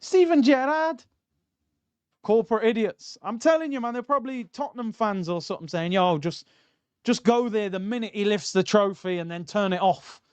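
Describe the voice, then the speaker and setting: A man's voice: high voice, brisk, clear, resonant tone, dry recording. A young man, hosting a casual football watchalong stream, bantering and reading out chat messages.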